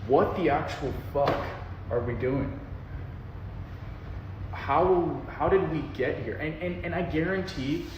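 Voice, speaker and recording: An exasperated man rants in a reaction video, stammering as his anger builds. He sits away from the mic in a very echoey room with clear noise behind him. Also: on the high side, slow pace, long pauses. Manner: exasperated, stammering, mocking impressions. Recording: echoey and noisy from far off.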